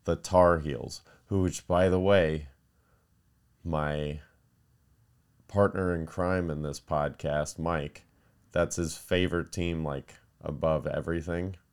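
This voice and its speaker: A man hosting a podcast, chatting casually in an animated way, with frequent fillers and laughter. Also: extremely low pitch, slow, clean tone. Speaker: podcast host. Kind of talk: casual rambling chat.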